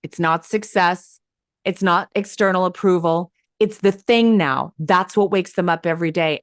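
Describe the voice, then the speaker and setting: Excitable woman, acts out her reactions, low voice, very dry sound. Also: no echo. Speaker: hypnosis coach, interview guest. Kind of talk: animated interview conversation.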